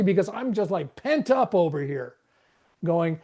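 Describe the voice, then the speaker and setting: A man's voice: sits high, sing-song, a little slow, dark tone. A man talking in a casual group discussion, rambling and acting out his own inner dialogue. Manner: rambling, self-questioning, acts out inner dialogue. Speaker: webinar participant.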